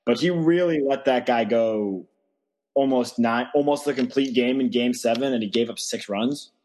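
Mid-pitched man giving blunt baseball takes. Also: moderate pace, a little mellow. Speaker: podcast co-host. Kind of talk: casual sports chat.

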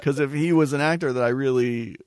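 A man's voice: mid-range voice, fairly quick, no echo. Chatty male podcast host, dry sound. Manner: relaxed, chatty, reads out show plugs. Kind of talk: casual chat.

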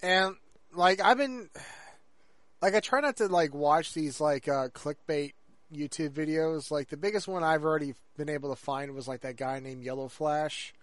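Chatting casually as a podcast co-host, this man rambles, restarting and using lots of fillers. He has a fairly high voice at a moderate pace, and the recording is dry.

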